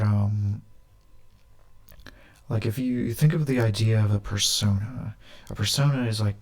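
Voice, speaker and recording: A man thinking out loud in a loose, casual monologue full of fillers, recorded with doubled audio that gives a flanger-like effect. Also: on the low side, creaky. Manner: loose, filler-heavy stream of thought.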